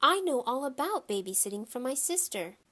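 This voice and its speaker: A woman's voice: sits high, very animated, brisk, a bit bright, voice pushed up, heavily acted. A woman voicing a bossy, pushy schoolgirl who pleads and insists to get her way. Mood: eager pleading.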